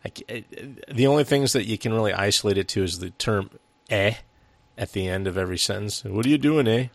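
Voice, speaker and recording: A man's voice: lowish voice, steady tone, a little fast, vocal fry, no echo. A man co-hosting a casual film review podcast, rambling with many restarts and frequent swearing. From United States. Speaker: podcast co-host.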